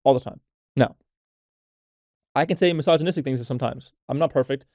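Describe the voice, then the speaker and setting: Mellow-voiced man coaching unfiltered. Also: medium pitch, a little fast, no echo, studio quality. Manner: unfiltered, swears freely, frequent "right?" tags; coaching tone addressed to women listeners. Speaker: podcast host. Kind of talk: casual solo podcast talk.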